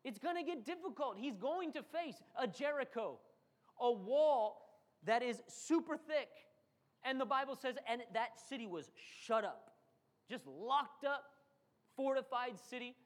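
High-voiced preacher repeating lines for emphasis. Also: male voice, animated, measured pace. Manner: dramatic, repeats phrases for emphasis, acts out voices of the people he quotes. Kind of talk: sermon.

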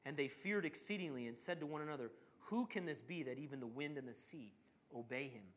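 His voice runs on the high side and his pace a little fast as this man delivers a sermon. He tells a Bible story animatedly, voicing each of its characters himself.

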